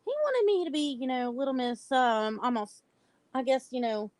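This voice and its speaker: Animated high-voiced woman hosting a livestream. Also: moderate pace, dry recording, low-quality recording. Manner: animated, blunt storyteller who laughs often. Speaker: livestream host. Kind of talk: casual chat. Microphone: video call.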